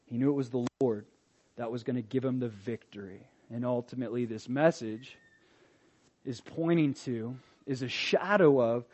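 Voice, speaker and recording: A male pastor preaching a sermon in an animated, emphatic way, swinging from loud to soft. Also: medium pitch, dull audio.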